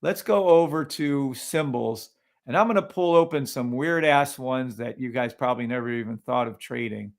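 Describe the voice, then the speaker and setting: Man, live trading stream host, gravelly voice, casual chart commentary, incredulous. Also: mid-range voice, moderate pace. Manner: incredulous, talks to chat viewers by name.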